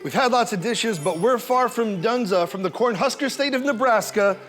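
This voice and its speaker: Brief: high-voiced male food presenter, punny showman delivery over faint music. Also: normal speed, a bit bright. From New York. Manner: playful, pun-heavy, showman delivery. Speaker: food show host.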